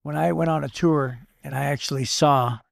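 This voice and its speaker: Gravelly higher-voiced pastor, emphatic. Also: male voice, steady tone, normal speed, no echo, clean studio sound. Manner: emphatic, repeats words for emphasis. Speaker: pastor and podcast co-host. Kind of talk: casual faith discussion.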